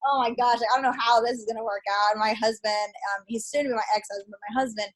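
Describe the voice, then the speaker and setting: Animated woman guest, higher voice. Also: quick pace. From Idaho, US. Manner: animated storyteller, acts out quoted dialogue, many fillers. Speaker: podcast guest. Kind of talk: casual storytelling interview.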